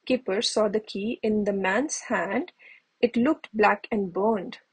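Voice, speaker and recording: A woman reading a children's bedtime story aloud in a gentle storytelling manner. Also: medium pitch, slow pace, breathy edge, rough recording. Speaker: storybook reader.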